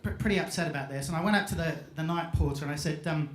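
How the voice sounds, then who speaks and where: A man's voice: on the high side, rapid-fire. A man giving a playful storytelling talk on stage at a live event, acting out the quotes. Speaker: event speaker. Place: live event hall with audience. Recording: echoey live hall recording.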